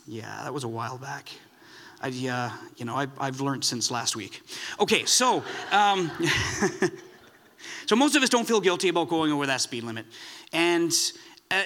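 A man's voice: fairly high pitch, pushed and bright. A man preaching a sermon in a chatty, self-deprecating storytelling way, with many restarts. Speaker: pastor.

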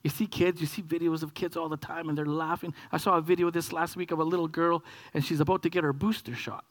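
Preaching fast with few pauses, this Canadian pastor in his forties acts out a childhood tale. He swings from whispering to high, excited outbursts.

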